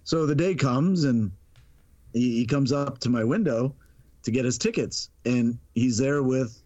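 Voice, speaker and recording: A man's voice: medium pitch, measured pace, darkish tone. A man tells a casual anecdote in a mid-range voice, chatty and easygoing. He restarts his sentences and repeats words as he goes, often breaking into laughter. The audio is a little dull and lo-fi.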